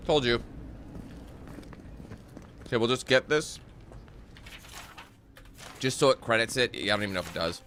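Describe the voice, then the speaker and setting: A man's voice: medium pitch, animated, moderate pace, long pauses, a bit bright, slight background noise. A young man giving casual, joking gameplay commentary, reading in-game texts aloud and breaking off into parody singing.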